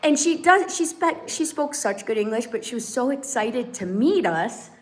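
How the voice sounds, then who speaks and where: A woman's voice: on the high side, animated, normal speed. A woman hosting a casual live stream at home, telling a story animatedly and acting out the dialogue. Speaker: channel host. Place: home in Mexico.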